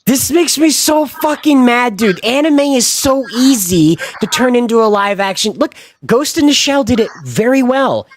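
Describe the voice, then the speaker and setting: A man's voice: very high-pitched, expressive, moderate pace, hardly any pauses, no echo. A man hosting a livestream, ranting in a sarcastic, sweary, exasperated way. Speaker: livestream host. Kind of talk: casual ranting stream commentary.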